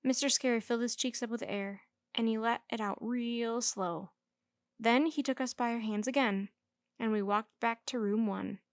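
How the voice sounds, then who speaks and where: A woman reads a children's book aloud in a lively first-person narration. Her voice sits somewhat high, and the recording is dry and close, with no room echo. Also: moderate pace. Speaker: storyteller.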